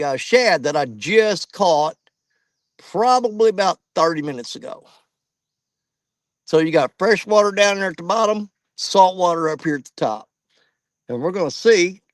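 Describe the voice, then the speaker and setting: A man's voice: high voice, no echo. A man hosting a live fishing stream outdoors, out of breath and chatting to viewers by name. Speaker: fishing channel host. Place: outdoors at a riverbank.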